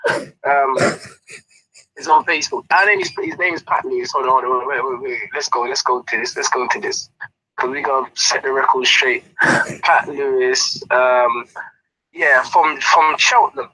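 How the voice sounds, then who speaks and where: A man, a boxing trainer chatting in an interview, animated and often laughing as he tells a story. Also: medium pitch, normal speed, no echo, low-quality recording. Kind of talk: casual interview chat.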